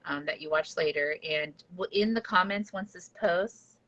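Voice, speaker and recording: A woman's voice: on the low side, moderate pace, fairly bright tone. Chatty woman host, dull lo-fi sound. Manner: chatty, giggly, rambling with many fillers. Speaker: podcast host. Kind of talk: casual video chat.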